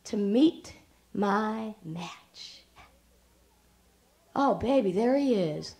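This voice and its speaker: A woman's voice: medium pitch, lively intonation, very slow, creaky, a little mellow. A woman giving a confrontational spoken-word performance, swinging between sultry murmurs and defiant outbursts.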